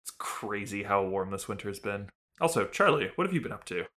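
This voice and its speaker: A man's voice: on the low side, lively intonation, a little fast, bright, forceful tone. A man chatting casually on a podcast, rambling with lots of ums. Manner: rambling with many fillers. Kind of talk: casual chat.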